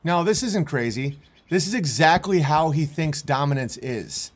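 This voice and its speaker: A man's voice: on the high side, expressive, normal speed. A man commentating on video clips in a rambling, intense way, with many restarts.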